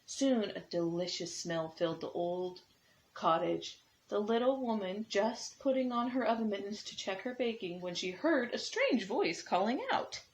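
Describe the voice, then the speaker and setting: A woman's voice: mid-range voice, unhurried. Woman reading storybooks to preschoolers. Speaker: preschool teacher. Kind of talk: reading storybooks aloud to children. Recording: dull lo-fi recording.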